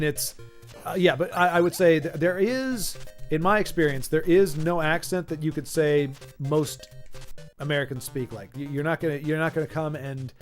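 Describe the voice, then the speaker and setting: A man in his forties chatting casually on a live game stream, often stumbling over his words and restarting sentences as he answers viewers. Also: fairly high pitch. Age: 40s. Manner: stammering restarts, reads viewer chat aloud. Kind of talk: casual live-stream chat while playing.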